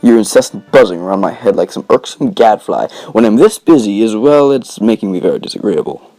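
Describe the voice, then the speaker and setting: A man's voice: lowish voice, lively intonation, fairly quick, dark tone, no room sound, faint music behind, poor audio. A man voicing a flamboyant, haughty male demon villain in a theatrical, pompous manner.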